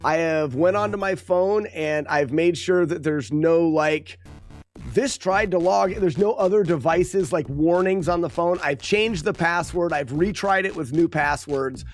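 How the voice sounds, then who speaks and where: A man's voice: a little high, measured pace, soft background music. A man streaming gameplay and chatting casually, rambling and correcting himself as he talks. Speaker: streamer and father.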